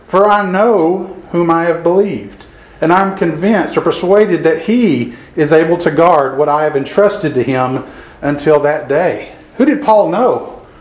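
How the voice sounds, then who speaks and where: A man preaching an earnest sermon in a measured way, reading scripture aloud slowly and stressing key words. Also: on the high side, roomy sound, rough recording.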